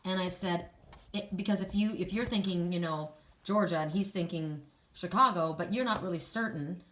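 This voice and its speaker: A woman giving a casual spiritual card reading, talking straight to the listener in a rambling way, with restarts and soft sighs. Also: fairly low pitch, moderate pace. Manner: emotional, soft and sighing in places. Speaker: psychic card reader.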